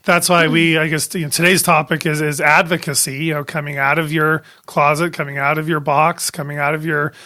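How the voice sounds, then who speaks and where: A man co-hosting a podcast in a small studio, chatting casually and rambling, quick to laugh. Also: on the high side, flat delivery, bright, forceful tone, no room sound. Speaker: podcast co-host.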